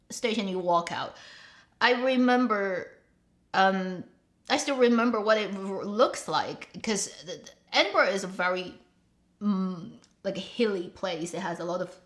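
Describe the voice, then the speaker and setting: A woman's voice: mid-range voice, a bit bright. A woman hosting her own show, chatting casually in a rambling way and laughing often. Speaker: host. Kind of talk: casual chat. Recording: roomy echo.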